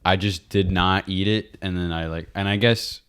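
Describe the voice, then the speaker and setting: A man's voice: low voice, steady tone, normal speed, a bit bright, smooth. A man co-hosting a casual chat, telling a story with laughter. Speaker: co-host.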